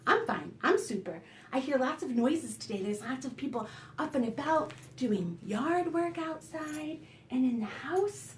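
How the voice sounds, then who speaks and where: A woman children's librarian leading a preschool storytime, singing and talking to small children in an animated sing-song way. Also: high voice, measured pace, roomy sound, slight background noise. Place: home, recorded for online storytime.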